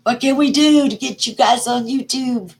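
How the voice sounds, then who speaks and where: A middle-aged woman, chatting casually on a livestream and greeting viewers by name with folksy warmth. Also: high-pitched, moderate pace. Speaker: livestream host. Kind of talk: casual live chat reading viewer comments.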